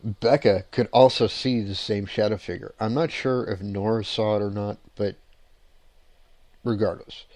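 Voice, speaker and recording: A low-pitched man hosts his own paranormal show and recounts ghost hunts in an animated, rambling way. He laughs often and restarts his sentences. The recording is dry and close. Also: no echo. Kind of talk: casual storytelling on a show.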